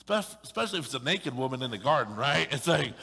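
A middle-aged man preaching a sermon in a church, joking and animated, with playful acted asides. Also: mid-range voice, fast talker, gravelly, husky. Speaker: pastor. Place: church sanctuary. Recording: long reverb of a large hall.

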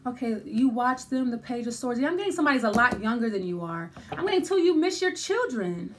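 Casting note: woman tarot reader, high voice, rambling and conversational. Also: expressive, a little fast, background noise. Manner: thinking aloud, many restarts and fillers. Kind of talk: casual tarot reading.

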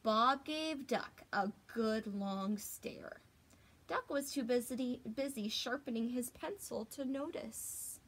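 A young adult woman teacher reading a picture book aloud to children, gentle and expressive with gasps and whispers. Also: fairly high pitch, takes it slowly.

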